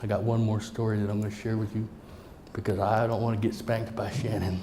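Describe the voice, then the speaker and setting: A middle-aged man gives a storytelling speech to a live audience in a meeting room. He swings between emphatic lines and hushed, near-whispered asides. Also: on the low side, level tone, brisk, noisy background. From Southern United States. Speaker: motivational speaker.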